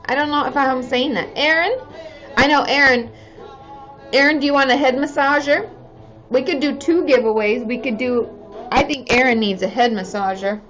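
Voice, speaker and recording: A woman's voice: high voice, moderate pace, a bit bright. A woman in her thirties, a therapist hosting a casual live stream, chatting with viewers in a bubbly way and cheering often. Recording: slightly dull sound with faint music behind.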